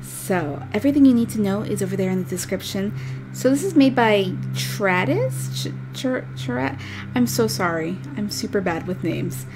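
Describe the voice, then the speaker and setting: A woman giving casual, excitable commentary while playing a game, gushing with delight. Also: mid-range voice, moderate pace. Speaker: let's play gaming creator. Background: game music.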